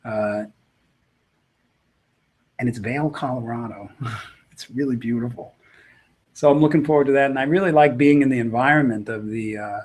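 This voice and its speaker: Middle-aged male guitarist, relaxed interview answers, rambling with restarts, mid-range voice. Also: medium pitch. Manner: rambling, many "you know" fillers and restarts. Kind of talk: casual interview talk.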